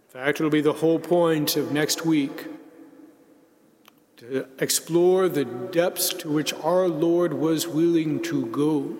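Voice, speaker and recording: A man preaching a sermon in a measured, reflective way, slowing down to stress key words. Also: a little high. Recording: long reverb in a large hall.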